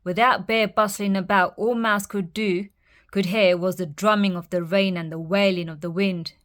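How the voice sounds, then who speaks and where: A woman reading a picture book aloud for children's storytime, gentle and expressive. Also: mid-range voice.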